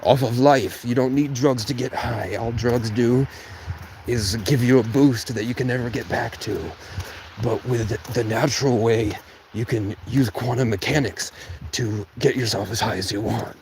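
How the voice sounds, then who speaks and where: A man's voice: mid-range voice, fairly even intonation, moderate pace, a little hiss or hum. A man rambling on a casual livestream from a tent outdoors in cold rain, talking to his chat and swearing freely. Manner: rambling, swearing, talks to chat, bursts into song and sudden shouts.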